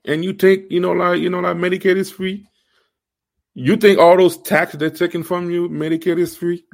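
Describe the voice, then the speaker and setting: A man with an accent hosting an online faith series, preaching in an emphatic way with repeated rhetorical questions and halting restarts. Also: flat delivery, creaky. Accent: non-native accent. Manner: halting restarts, rising pitch when stressing. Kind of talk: livestream preaching.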